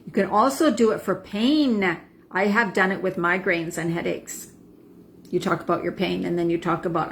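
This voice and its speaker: A woman in her forties, a wellness coach, calmly guiding a tapping practice and checking in with "right?" and "okay?". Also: on the low side, moderate pace, slight background noise. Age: 40s. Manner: soothing affirmations with frequent "right?" and "okay?". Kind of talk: guided self-help demonstration.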